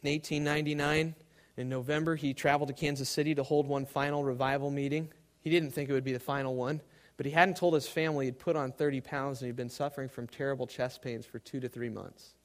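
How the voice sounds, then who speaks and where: A man preaching a sermon to a live congregation, swinging between loud emphasis and hushed, quiet tones. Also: mid-range voice, steady tone, fast.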